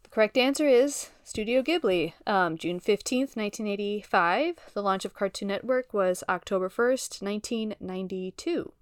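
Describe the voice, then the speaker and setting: A woman's voice: medium pitch, normal speed, few pauses, clear, resonant tone, no echo, clean studio sound. A woman hosting a trivia quiz, reading out answers plainly and laughing easily between them. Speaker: quiz host.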